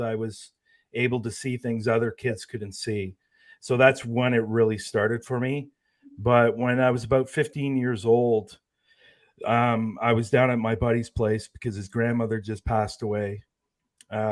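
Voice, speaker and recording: Male guest, mid-range voice, relaxed and easygoing, laughs easily. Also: mid-range voice, measured pace. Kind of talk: casual chat.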